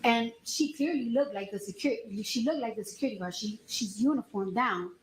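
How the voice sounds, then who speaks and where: A fairly high-voiced woman gives courtroom testimony, retelling events with animated emphasis. The sound is roomy and echoey, with a faint hum of the room behind her. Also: brisk. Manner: animated storytelling, voice rises when she recounts the argument. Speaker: witness testifying at trial.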